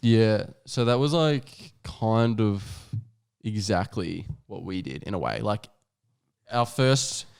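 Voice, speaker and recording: A man's voice: on the low side, lively intonation, takes it slowly, vocal fry, darkish tone, clear, resonant tone. A young adult man, co-hosting a podcast and telling a rambling travel story with lots of "like" and swearing. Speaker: podcast co-host. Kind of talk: casual chat.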